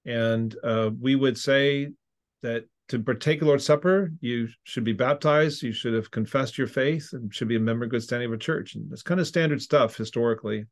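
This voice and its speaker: A man's voice: medium pitch, a little fast. A man, a seminary professor and minister, answering interview questions with an earnest, teaching tone and frequent restarts.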